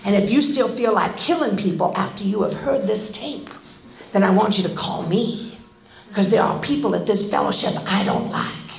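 A woman voicing a gruff, blunt male ex-convict sponsor, speaking low and dry in an echoing hall. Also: lively intonation, normal speed. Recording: roomy echoing meeting hall.

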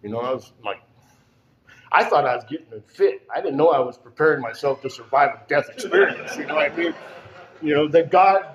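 A man's voice: fairly high pitch, very animated, fairly quick, a crowd in the background, low-quality recording. A man in his fifties giving an earnest personal testimony at a recovery gathering, rambling through his story and checking in with "you know?" again and again.

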